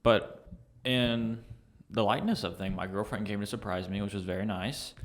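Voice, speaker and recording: Young male podcast co-host, low-pitched, relaxed and easygoing. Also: moderate pace. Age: young adult. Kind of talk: casual chat.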